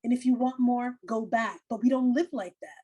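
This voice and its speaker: A middle-aged woman, a comedian and laughter yoga teacher, giving casual animated advice full of quoted asides. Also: fairly high pitch, a little fast, husky, lo-fi sound.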